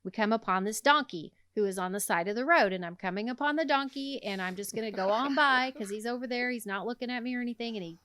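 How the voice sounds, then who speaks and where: A woman co-hosting a casual podcast. Her voice sits high and rings bright. She tells a story with animated energy and keeps laughing as she goes. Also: quick pace, few pauses. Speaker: podcast co-host.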